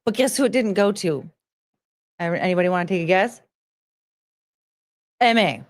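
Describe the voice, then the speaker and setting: A woman in her forties chatting casually on a livestream, rambling and excitable, swearing freely, with sudden loud outbursts. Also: fairly low pitch, normal speed. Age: 40s. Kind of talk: casual livestream chat reading viewer messages.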